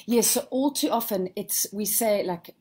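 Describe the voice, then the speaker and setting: A woman with a middle-pitched voice co-hosts a relaxed talk for writers. She is a lively storyteller who acts out little anecdotes from her day. Her tone is conversational and easy. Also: moderate pace, a little hiss or hum. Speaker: co-host and author. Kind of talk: casual conversation to a writing group.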